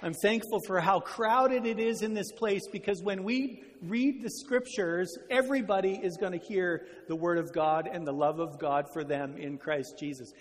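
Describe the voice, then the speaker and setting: A man voicing a gentle, hopeful older sister who coaxes her sibling, speaking softly. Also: sits high, moderate pace, hardly any pauses, in a large hall, natural voice. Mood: thankful.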